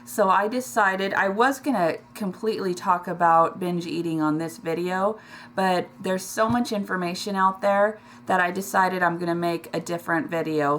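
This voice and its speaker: Middle-aged woman, personal vlog, near tears, halting, lots of ums. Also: fairly low pitch, a bit bright, a little hiss or hum. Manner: emotional, halting, with many ums and restarts. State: close to tears. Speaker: weight loss vlogger.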